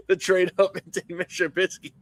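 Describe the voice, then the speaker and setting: A man's voice: high-pitched, little pitch movement, moderate pace, no echo. A man co-hosting a casual live stream, crude and teasing, laughing often. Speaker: co-host.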